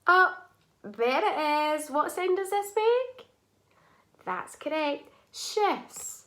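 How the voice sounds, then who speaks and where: A woman teaching a phonics lesson to young children, sounding out words slowly and clearly and praising often. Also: high-pitched, sing-song, pushed and bright.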